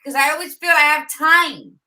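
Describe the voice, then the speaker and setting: Woman podcast cohost, high bright voice, blunt and swears a lot, tells it straight. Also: moderate pace, low-quality recording. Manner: blunt and profane, talks to herself bluntly. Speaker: podcast co-host. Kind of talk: casual chat.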